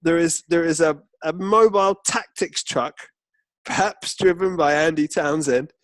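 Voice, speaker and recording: A man co-hosting a sports podcast in casual chat, spinning jokey, drawn-out comic scenarios. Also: on the high side, dry recording. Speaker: podcast co-host.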